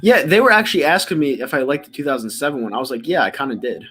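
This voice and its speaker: A laid-back man chatting on a live stream, rambling from one thought to the next. His voice sits at an ordinary pitch and he laughs easily. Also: expressive, very fast, pushed and bright, breathy edge. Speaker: stream host. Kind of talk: casual live reaction stream chat.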